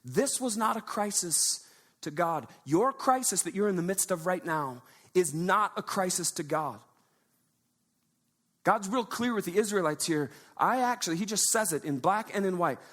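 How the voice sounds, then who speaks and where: A man preaching a conversational sermon in a church, with quick asides to the congregation. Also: high-pitched, lively intonation, fairly bright tone. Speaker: pastor. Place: church sanctuary.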